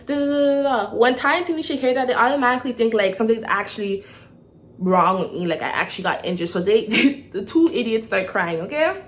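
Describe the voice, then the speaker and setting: A young woman tells a story to her vlog viewers in a lively way, often asking "okay?". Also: on the high side, moderate pace. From Toronto, Canada. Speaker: vlogger.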